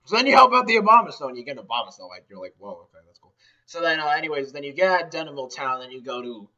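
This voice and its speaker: A man's voice: fairly high pitch, very animated, rapid-fire, bright, forceful tone. A man giving a rambling, sarcastic comedic game recap, swearing often, recorded on a dull, lo-fi mic. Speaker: game ranter.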